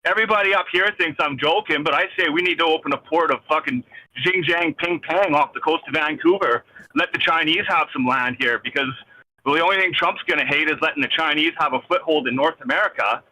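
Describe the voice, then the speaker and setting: A man's voice: on the high side, a little fast, bright, forceful tone. A man on a phone call from his vehicle, ranting in an agitated, rambling, swearing way with many restarts. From Canada. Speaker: caller. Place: in a vehicle driving.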